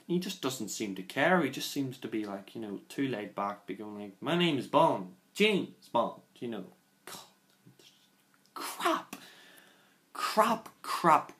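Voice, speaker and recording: Man, low voice, casual film review, rambling, exasperated, echoey room. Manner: rambling, peppered with "you know" and "I mean"; scathing, exasperated.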